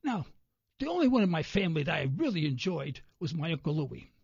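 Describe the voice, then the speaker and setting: A gravelly-voiced New York man, a guest on a radio show, rambles through anecdotes in an animated way, acting out the people he quotes. His pitch sits fairly high and he talks a little fast. The recording is dry, dull, lo-fi radio audio.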